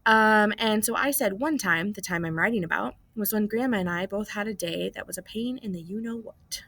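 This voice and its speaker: Woman, teacher, casual lesson, explanatory, mid pitch, dry close sound. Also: brisk, fairly bright tone, no echo. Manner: casual, explanatory, checks in with "okay?" and "right?". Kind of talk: classroom lesson recording. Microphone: computer mic.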